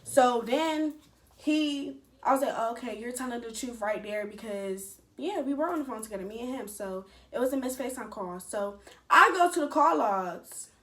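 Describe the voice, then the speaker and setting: A young adult woman telling a personal story casually to her camera, animated, profane and candid, talking straight to her viewers. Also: high-pitched, moderate pace, noisy background. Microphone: camera set up in front of her.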